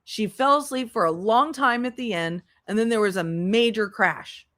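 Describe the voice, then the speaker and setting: A commentary channel host with a fairly high, slightly bright voice runs a livestream at a moderate pace. She's sarcastic and exasperated, swearing as she talks to her chat.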